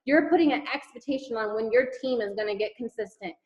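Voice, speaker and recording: Fast and animated, this higher-pitched woman fires rhetorical questions at her network marketing team during a video call. She repeats words for effect and swears casually, and the recording sounds reverberant and lo-fi.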